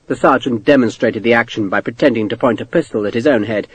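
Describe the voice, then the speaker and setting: A man narrating an audiobook in an expressive, varied delivery. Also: mid-range voice, fast talker, breathy edge, dry recording, low-quality recording. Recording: dry close studio recording.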